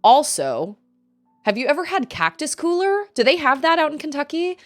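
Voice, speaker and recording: A woman's voice: high voice, big pitch swings, normal speed, faint music behind. A woman streaming a video game, chatting casually with her chat and laughing often. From Texas. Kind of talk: casual chat while gaming.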